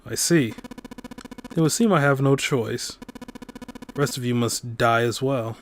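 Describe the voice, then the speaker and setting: Casting: a man playing a calm, sadistic villain, formal and mocking, slow deliberate delivery. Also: mid-range voice, a little hiss or hum, close to an everyday voice. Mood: coldly menacing. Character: cold, sadistic older male villain.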